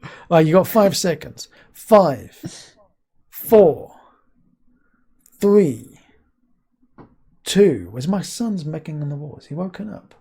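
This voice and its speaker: A man hosting a casual live stream, talking to a guest and chat, laughing often and breaking into sudden high yelps. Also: lively intonation, slow, pauses often, dark tone, slightly rough. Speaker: streamer host.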